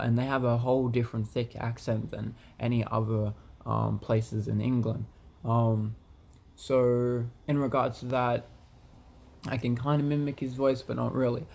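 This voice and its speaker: A man's voice: mid-range voice, creaky, a little mellow, a little hiss or hum. A man talking casually to camera in a vlog, hesitant, with many ums and repeated words. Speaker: vlogger.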